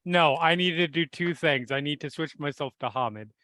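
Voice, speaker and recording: A man's voice: fairly high pitch, normal speed, pushed and bright. A man playing a tabletop game, joking and thinking aloud about his moves. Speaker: player.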